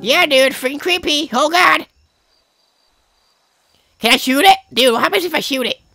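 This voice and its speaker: A woman giving gameplay commentary with friends, jumpy and yelling and swearing in fright. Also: sits high, expressive, moderate pace, gravelly, soft background music. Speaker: gaming video host.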